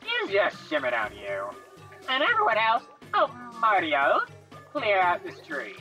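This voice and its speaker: A woman's voice: mid-range voice, wildly swooping pitch, unhurried, soft background music, exaggerated voice. A woman voicing a cranky old female creature elder who scolds and barks orders. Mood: bossy. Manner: bossy, scolding, shouting orders.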